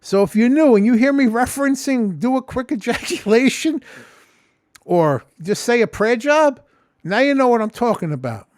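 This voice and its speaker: A man's voice: extremely high pitch, expressive, moderate pace, no echo, studio quality. A man talking casually in a rambling, profane vlog at home. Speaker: vlogger. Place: home kitchen.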